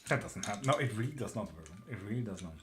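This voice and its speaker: A man's voice: on the low side, expressive, rapid-fire. Swedish man reading tarot live, casual. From Sweden. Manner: swears casually, laughs often. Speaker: tarot reader on a live stream. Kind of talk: casual live-stream chat, reading viewer questions. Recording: clear background noise with keyboard clicks.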